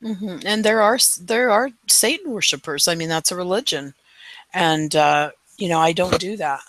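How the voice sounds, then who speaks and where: A woman's voice: lowish voice, normal speed, a bit bright, no echo. A woman co-hosting a late-night casual chat, talking in an affectionate, easygoing way.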